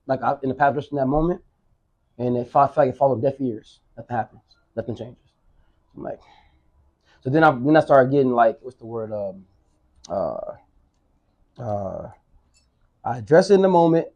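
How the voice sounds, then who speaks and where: A man's voice: mid-range voice, animated, moderate pace, long pauses, a little mellow, dull audio. A man in his thirties chatting casually on a podcast, rambling and repeating himself, with plenty of swearing. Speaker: podcast co-host. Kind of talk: casual chat.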